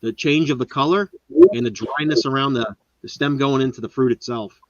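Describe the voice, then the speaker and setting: A man's voice: medium pitch, fairly quick, dry recording. A man hosting a casual live-stream chat, talking in an enthusiastic, rambling show-and-tell way. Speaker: host. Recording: dull lo-fi sound.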